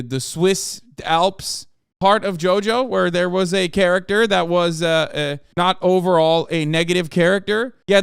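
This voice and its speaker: A man's voice: high-pitched, vocal fry, a bit bright, clear, resonant tone, no echo, studio quality. A man in his thirties streaming political commentary, sarcastic, profane and rambling. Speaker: streamer reacting to news.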